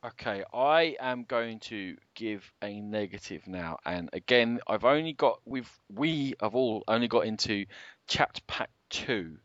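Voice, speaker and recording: A man's voice: fairly low pitch, a little slow, a bit bright, dry recording. Rambling man co-hosting a podcast. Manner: talkative, rambling, emphatic. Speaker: co-host. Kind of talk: casual podcast chat about games. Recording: dull lo-fi podcast audio.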